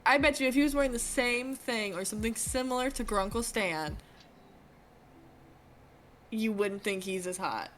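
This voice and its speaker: A young woman co-host in casual chat, trading quick teasing banter. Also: fairly high pitch, fairly bright tone, slight background noise.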